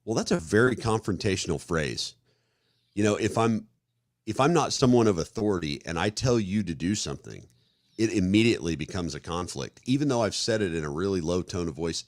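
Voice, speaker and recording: Brief: man from the Midwest, very low voice, dry close sound, loose chatty podcast co-host who restarts and acts out examples. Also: lively intonation, brisk, no room sound. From American Midwest. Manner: rambling, restarts often, acts out example scenarios. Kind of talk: casual conversational discussion.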